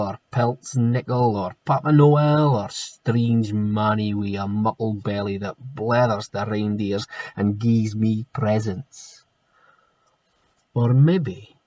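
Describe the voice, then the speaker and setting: A man's voice: fairly low pitch, lo-fi sound. A man with a Scottish accent, a primary school teacher who chats homely and then reads a children's storybook aloud in broad Scots. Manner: homely, chatty, rolls into broad Scots words. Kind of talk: casual chat then reading a storybook aloud.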